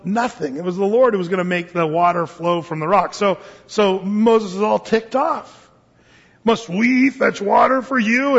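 A man preaching a sermon in an animated way, joking and acting out the voices of the people in his story. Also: sits high. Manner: animated, laughing, acts out voices. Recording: dull sound in a reverberant hall.

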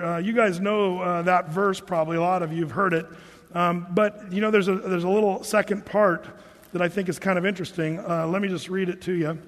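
A man preaching a casual, joking sermon, reading scripture slowly between everyday asides. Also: high voice, in a large hall. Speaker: pastor.

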